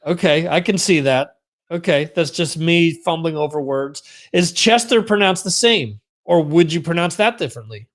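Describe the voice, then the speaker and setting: A man's voice: a little high, lively intonation, normal speed, fairly bright tone. A middle-aged man hosting a podcast in a rambling, self-mocking casual chat. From United States. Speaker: podcast host.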